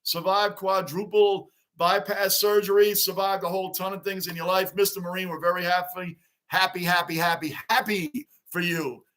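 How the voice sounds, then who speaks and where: A man's voice: high voice, little pitch movement, normal speed, sharp tone. A man hosting a sports livestream, chatting casually and animatedly with viewers by name. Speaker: livestream host.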